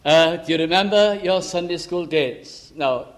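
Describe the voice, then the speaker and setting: Older man, preacher, sermon, high-pitched, fervent, emphatic then soft asides, miked. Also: a little slow. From Lancashire, England. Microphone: amplified microphone.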